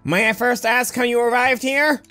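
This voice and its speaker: A woman voicing a formal robot who speaks grandly and solemnly while explaining a dark world. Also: on the high side, steady tone, moderate pace, faint music behind, pitched above the performer's own voice. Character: eager, formal robot who greets a savior.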